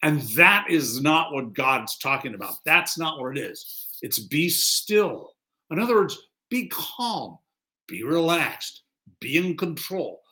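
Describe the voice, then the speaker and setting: Bright-voiced man preaching. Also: fairly high pitch, very animated, a little slow. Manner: conversational preaching with quoted lines acted out. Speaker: pastor. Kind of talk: sermon.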